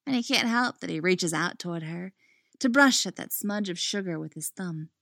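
A woman reading fiction aloud in an expressive way, dropping to a soft voice on the narration tags. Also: on the low side, normal speed, gravelly, dry recording, studio quality. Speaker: storyteller.

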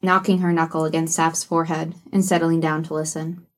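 Woman narrator, audiobook, lowish voice, wry, even. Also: fairly quick.

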